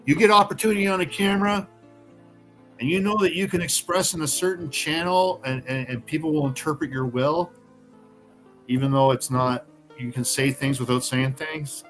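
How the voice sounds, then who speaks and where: A man from Canada, a podcast guest, talking bluntly in casual conversation with heavy swearing and sudden animated bursts. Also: on the high side.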